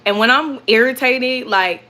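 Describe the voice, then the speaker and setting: A young woman vlogger chatting casually to viewers, animated and repeating herself as she tells a story. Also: fairly high pitch, unhurried.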